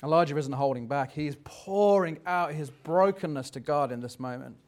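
A man's voice: on the high side, moderate pace, hardly any pauses, darkish tone. A man preaching a sermon in a reflective, conversational way, turning dramatic when he reads scripture.

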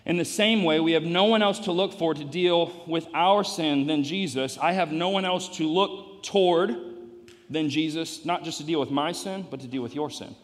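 A male pastor delivering a sermon, emphatic and repetitive, rising to loud peaks in a church. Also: a little high, normal speed, long reverb tail. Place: church sanctuary.

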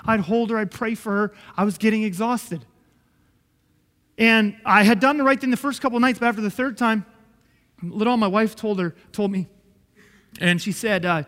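A man giving a conversational sermon-style teaching, telling animated stories that act out dialogue and chuckling often. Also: sits high, moderate pace, pauses often. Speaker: Christian preacher and father. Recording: long hall reverb.

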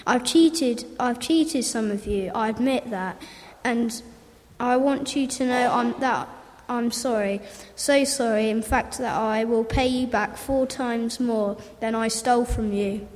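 A woman voicing a small male tax collector who loudly admits cheating people and apologizes, in a storybook reading. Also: a little high, measured pace, natural voice. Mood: contrite. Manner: loud, apologetic announcing. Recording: roomy hall reverb.

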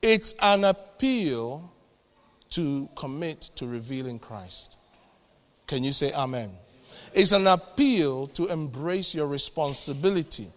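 High-voiced preacher, lively and reverberant. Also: male voice. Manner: animated, jokey preaching with sudden loud bursts and acted-out dialogues. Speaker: pastor. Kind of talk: sermon. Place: church hall. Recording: echoey church hall with long reverb.

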